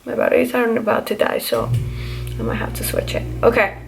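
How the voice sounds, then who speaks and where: A woman's voice: on the high side, very animated, fairly quick, vocal fry, slight background noise. Chatty young woman doing a makeup tutorial. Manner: chatty, filler-heavy, explaining each step as she goes. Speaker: beauty vlogger.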